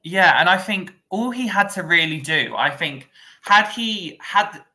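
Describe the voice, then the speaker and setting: Casting note: male podcast co-host with a bright, forward tone, casual and conversational. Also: high-pitched, lively intonation, measured pace. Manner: conversational, thinks aloud with fillers. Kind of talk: casual recap chat.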